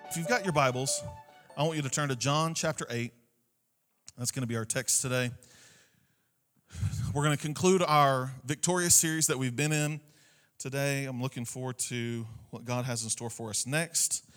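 A man's voice: medium pitch, moderate pace, pauses often, a bit bright, soft background music. A male pastor preaching a sermon, repeating key phrases and often checking in with "Amen?" to the congregation.

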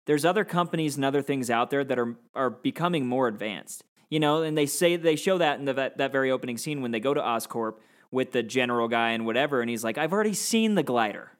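Relaxed rambling man chatting. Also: medium pitch, fast, few pauses. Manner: relaxed, rambling, jokes and tries out voices. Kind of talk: casual chat about a movie.

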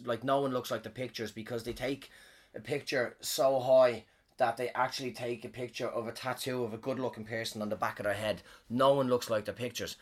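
A man who performs comedy, telling a rambling story in a casual way. He swears a lot and often trails off and restarts. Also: medium pitch. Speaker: comedian and podcast host.

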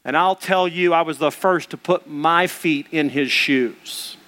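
A male pastor preaching an animated sermon, acting out the voices of the people in the story as he goes. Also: a little high, unhurried.

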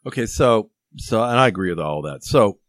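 A man's voice: lowish voice, animated, moderate pace, no echo. A man hosting a podcast, telling rambling anecdotes and repeating words as he goes. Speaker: podcast host. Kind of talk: conversational interview.

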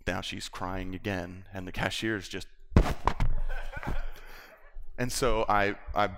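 A man's voice: deep voice, flat delivery, moderate pace, gravelly, very noisy. A man preaching, telling a personal story with acted-out quotes and laughter. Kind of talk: sermon storytelling. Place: church.

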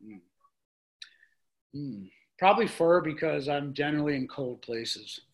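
Male podcast guest, higher voice, loose and frank, swears casually. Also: expressive, unhurried, low-quality recording. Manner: rambling, frank and profane. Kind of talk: casual chat.

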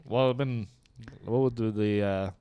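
A man listening to a story in a casual chat, with quick reactions and jokey asides. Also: lowish voice, fairly even intonation, dark tone, clear, resonant tone, no room sound.

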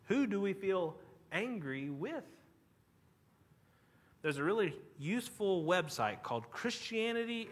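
Middle-aged pastor guy preaching, lively up-and-down voice, bright tone, long echo off the hall. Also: fairly high pitch. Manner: earnest, conversational preaching with sudden quiet drops. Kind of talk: sermon.

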